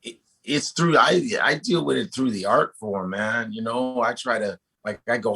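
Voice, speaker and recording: A comedian talking casually as a guest, animated and profane, often restarting his sentences. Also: medium pitch, moderate pace, husky. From United States. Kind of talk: casual podcast conversation.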